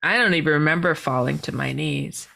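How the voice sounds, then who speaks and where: Middle-aged lady telling a wild story, bright tense voice, swoops way up when she acts out what she said. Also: fairly quick, gravelly. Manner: expressive, acts out her own past lines with big pitch jumps and laughter. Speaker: podcast guest. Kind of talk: animated storytelling.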